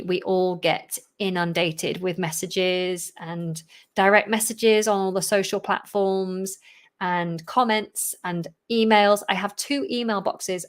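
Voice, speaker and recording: A woman, a teacher answering viewer questions in a chatty live Q&A, laughing often and sounding a bit tired. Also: medium pitch. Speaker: English teacher and channel host.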